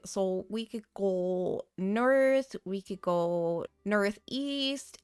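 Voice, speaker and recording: A woman chatting casually to herself while decorating in a life-sim game, giggling and thinking out loud. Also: mid-range voice. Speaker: game streamer. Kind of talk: casual gameplay commentary.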